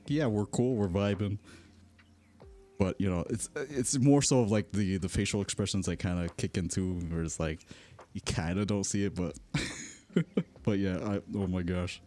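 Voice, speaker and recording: Giggly man with a mellow low voice. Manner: laughs often while telling stories; rambling, self-correcting storyteller. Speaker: streamer. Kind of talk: casual stream chat.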